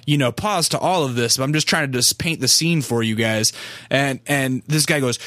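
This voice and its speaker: A man in his thirties rambles through a casual story, swearing freely and circling back with fillers and restarts. His voice sits at a middling pitch, and the sound is dry and close, with no room echo. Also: moderate pace, a bit bright.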